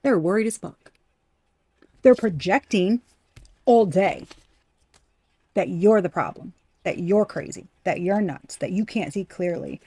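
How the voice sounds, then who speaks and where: A woman's voice: lowish voice, animated, unhurried, long pauses, warm tone, husky, no echo. Blunt, profane woman tarot reader. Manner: blunt, profane, emphatic, repeats herself. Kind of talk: collective tarot reading, casual.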